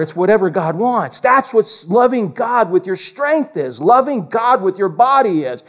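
A man preaching a sermon in an animated, folksy way, laughing often. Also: extremely high pitch.

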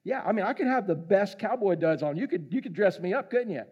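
A man with a fairly high voice preaches a casual sermon, trading jokes with people in the pews. He is middle-aged and talks loosely and conversationally, and the recording sounds dull and lo-fi. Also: animated, fast, slightly rough. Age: middle-aged or older. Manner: conversational, jokey, calls out listeners. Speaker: pastor.

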